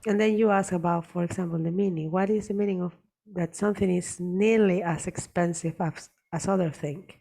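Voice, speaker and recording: A woman teacher giving a screen-share tutorial, explaining each step slowly and deliberately. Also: lowish voice, steady tone, creaky, warm tone.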